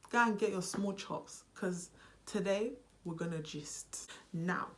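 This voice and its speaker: A young woman with a British accent chats straight to camera, and she slips into a Nigerian accent as she goes. She talks in an animated, unserious way. Her pitch sits in a middle range for a woman. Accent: British, switching into Nigerian. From United Kingdom. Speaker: vlogger. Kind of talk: casual vlog chat.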